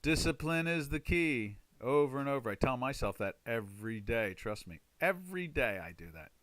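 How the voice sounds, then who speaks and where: A man from the United States hosts a live webinar, talking loosely and rambling between points. His voice is bright and forceful. The recording is dry and close. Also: medium pitch, lively intonation, a little fast, dry recording. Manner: chatty, rambling, exclaims loudly in frustration. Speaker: trading webinar host. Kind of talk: casual live webinar talk.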